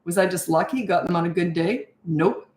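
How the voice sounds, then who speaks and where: A woman's voice: fairly low pitch, moderate pace, darkish tone, reverberant. A middle-aged woman coaching parents in a live Q&A, giving blunt, no-nonsense advice with rhetorical questions. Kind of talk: live Q&A, answering viewer questions.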